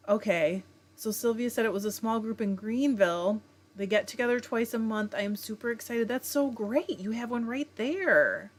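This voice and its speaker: Chatty woman host reading live comments. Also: on the high side. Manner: chatty, reads viewer comments aloud, warm greetings. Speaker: livestream host reading chat. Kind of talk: casual chat.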